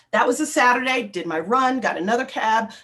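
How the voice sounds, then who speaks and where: A woman's voice: a little high, expressive, normal speed, a bit bright. A middle-aged woman telling a personal story in a panel talk, with frequent fillers and restarts.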